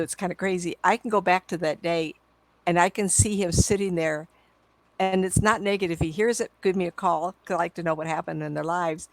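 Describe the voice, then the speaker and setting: A woman in her seventies, a psychic medium, telling stories to an audience in an excitable, chatty way with frequent laughs. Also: on the low side, no echo. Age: 70s. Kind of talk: storytelling talk to an audience.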